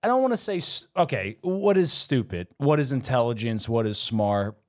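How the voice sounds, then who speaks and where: A man's voice: medium pitch, sing-song, moderate pace. A man co-hosting a casual podcast, rambling, swearing freely and losing his train of thought. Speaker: podcast co-host. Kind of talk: casual chat.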